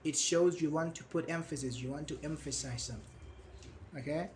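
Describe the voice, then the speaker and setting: A man's voice: a little high, a little fast, a little mellow, slight background noise. A man teaching an online grammar class, patiently explaining with examples and praising his students. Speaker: English teacher.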